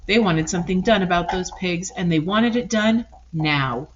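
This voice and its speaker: A woman reading a children's picture book aloud in an expressive, lively way. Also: fairly low pitch, moderate pace, slight background noise. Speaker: storybook reader. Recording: dull lo-fi recording.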